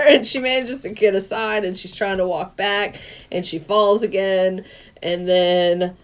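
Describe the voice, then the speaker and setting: A woman podcast co-host casually retelling a movie's plot, laughing often and acting out the characters' lines. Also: medium pitch. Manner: animated storytelling, quick to laugh, acts out quoted lines.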